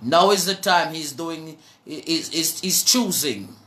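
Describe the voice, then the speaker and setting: Slow, fervent Jamaican woman preacher. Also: low voice, animated, a bit bright, reverberant. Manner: slow, fervent, breaks into song. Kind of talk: preaching to a live online audience.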